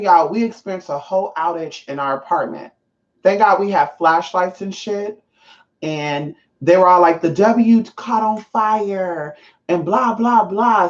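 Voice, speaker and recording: A woman vlogger spins a story straight to camera, loose and profane, forever calling her viewers y'all. Her pitch leaps up whenever she hits a point. The sound is a little dull and lo-fi. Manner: profane, chatty, keeps addressing viewers as y'all; animated, pitch jumps up for emphasis.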